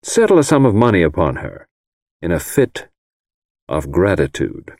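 Man reading an older lawyer, formal, disapproving, measured, low voice, dry close sound. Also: sing-song, a little mellow, no room sound. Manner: measured, formal, choosing words carefully. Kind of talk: audiobook character reading.

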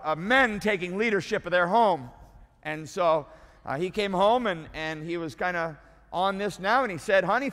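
A male pastor preaching a sermon, emphatic, slowing down to repeat key lines. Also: high-pitched, fairly bright tone, in a large hall.

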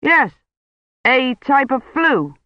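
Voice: sits high, very animated, slow pace, no echo, dull audio, voice pushed up, exaggerated voice. A reader voicing a worried older man who questions anxiously and reassures a patient.

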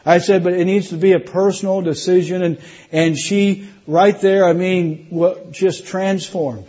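A man's voice: sits high, fairly even intonation, unhurried, mellow, highs cut off. A middle-aged man preaching from the pulpit, telling his conversion story with restarts and rising emphasis. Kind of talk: sermon testimony.

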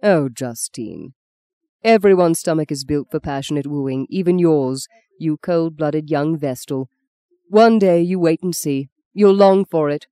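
A reader voicing Arthur, a suave man who speaks slowly and coaxingly, with a theatrical touch. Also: mid-range voice, dark tone, dry recording, studio quality, natural voice. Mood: earnest.

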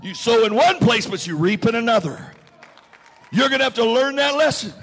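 This pastor's voice is strikingly high and bright, with lively intonation, a moderate pace, and a breathy edge. He repeats his key lines, calls on the congregation to answer, and climbs to shouts, all ringing in the long reverb of a large hall.

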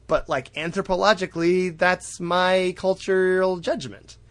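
A man's voice: high-pitched, steady tone, measured pace, few pauses. A man co-hosting a podcast, recapping an episode in a loose, rambling way. He fills gaps with "uh" and "like" and swears freely. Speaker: podcast co-host. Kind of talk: casual episode recap chat.

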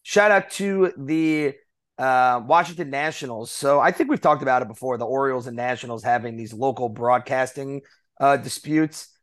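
A man's voice: medium pitch, moderate pace, fairly bright tone. A man co-hosting a baseball podcast, running through news items in a casual, conversational way with frequent fillers. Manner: conversational, reads notes with fillers. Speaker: podcast co-host. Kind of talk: casual sports chat.

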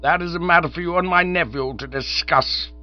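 A man's voice: fairly high pitch, a little fast, pitched above the performer's own voice, lightly acted. A man voicing an indignant elderly English duke who speaks in stiff, pompous, formal tones, on a dull recording with a mains hum. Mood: stiffly polite.

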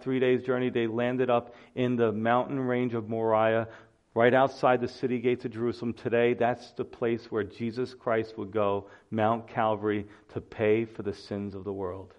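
Male pastor giving a lively storytelling sermon; average pitch, slightly dull recording. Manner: animated storytelling preacher, acts out voices.

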